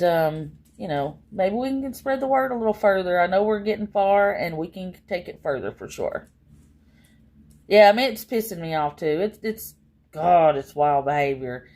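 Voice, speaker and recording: A woman talking casually to her livestream audience in a mid-pitched voice. She rambles and sounds exasperated, and her speech is full of fillers and restarts. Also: darkish tone.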